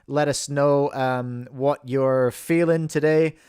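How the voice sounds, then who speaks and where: A man's voice: medium pitch, fairly even intonation, slow pace, darkish tone, clear, resonant tone, dry recording, studio quality. A man with a New Zealand accent hosting a livestream, giving playful, rambling mock sports commentary and mocking himself. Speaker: host and commentator.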